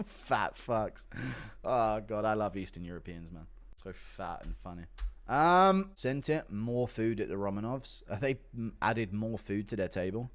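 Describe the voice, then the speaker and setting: A young man chats on a livestream in a loud, crude, mocking way and laughs often. His pitch swings up and down as he talks. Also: lively intonation, normal speed. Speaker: livestream host reading donations. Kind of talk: casual livestream chat.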